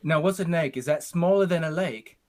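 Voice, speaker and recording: A man's voice: a little high, a little fast, a little mellow, close to an everyday voice. A man doing a put-on British accent as a haughty news director who calls people darling, in online improv. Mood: condescending. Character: brusque male British news director, smug boss. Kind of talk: improv comedy. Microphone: home video call.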